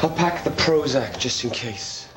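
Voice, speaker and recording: An actor playing a dry, deadpan man in an advert. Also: medium pitch, measured pace, close to an everyday voice. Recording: roomy advert with music.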